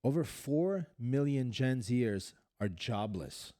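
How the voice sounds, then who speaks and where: A man's voice: medium pitch, lively intonation, slow pace, warm tone, no room sound, clean studio sound. A man hosting a podcast, chatting casually and running through news items with frequent fillers and restarts. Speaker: podcast host.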